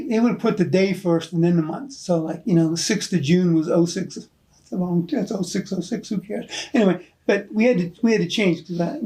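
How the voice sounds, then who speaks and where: A man's voice: sits high, dark tone, poor audio. An older American man, an Army veteran, telling rambling anecdotes in an oral history interview, chuckling often. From United States. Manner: rambling anecdotal storyteller, chuckles, many "you know"s. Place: hotel room.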